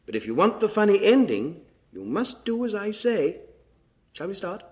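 A man's voice: high-pitched, big pitch swings, normal speed, darkish tone. A man presenting for children, singing and reciting nursery rhymes in a playful, coaxing sing-song. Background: music.

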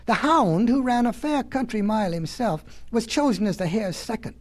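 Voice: medium pitch, normal speed. A storyteller reading a children's animal tale in a folksy way, with chatty asides to the listener.

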